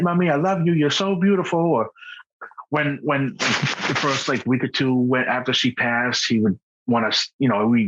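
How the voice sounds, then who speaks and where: A man speaking as a podcast guest in candid personal conversation, halting and earnest, often restarting his sentences. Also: mid-range voice, fairly bright tone, husky. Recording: dull lo-fi podcast audio.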